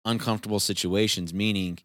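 A man's voice: on the low side, fairly even intonation, brisk, fairly bright tone, no room sound, studio quality. A man hosting a casual team chat, reading out results with upbeat energy. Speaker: host.

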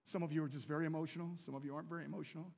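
A man from the Baltimore area preaching a sermon in a chapel, swinging from quiet asides to shouted declarations. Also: on the high side, fairly even intonation, rapid-fire, vocal fry, long reverb tail.

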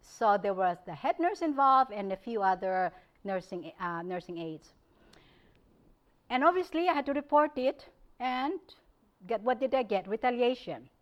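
A woman giving a public lecture, telling stories from her practice in an animated way, often breaking into laughter. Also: fairly high pitch, normal speed, muffled recording. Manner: animated storytelling, frequent laughter. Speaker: guest speaker. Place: lecture hall.

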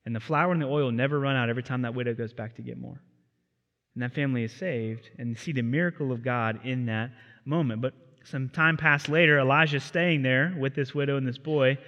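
A male pastor preaching a sermon in a theatre, telling the story in an animated, casual way. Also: medium pitch, brisk, highs cut off. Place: theatre used as a church. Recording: reverberant theatre hall.

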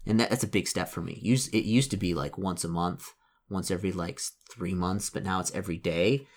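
Man, slightly low voice, narrating a solo tabletop game and dice rolls; halting, stop-start delivery. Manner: halting, full of repetitions and restarts. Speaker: solo tabletop role-player.

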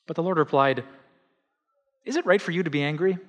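Middle-aged male pastor, conversational sermon delivery, slightly high voice, long hall reverb. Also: brisk, pauses often. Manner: animated, conversational preaching with acted-out quotes.

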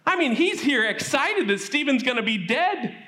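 A man telling a Bible story at a children's church service, animated and asking the kids questions. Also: very high-pitched, moderate pace.

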